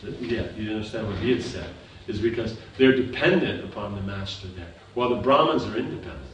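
A man's voice: fairly low pitch, quick pace, recorded from a distance, highs cut off. A man teaching a scripture class, explaining patiently and often checking that his listeners understand. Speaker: spiritual teacher. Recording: echoey room recorded from afar with background noise.

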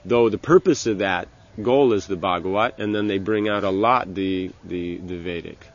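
A spiritual teacher gives an informal religious lecture, speaking haltingly with many restarts and "you know." His voice is low-pitched and the audio sounds dull.

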